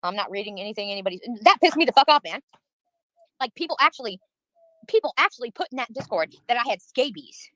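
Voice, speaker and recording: A woman's voice: a little high, animated, fairly quick, long pauses, a bit bright, no echo, poor audio. A woman livestreaming, venting in a heated, profane rant while answering her chat.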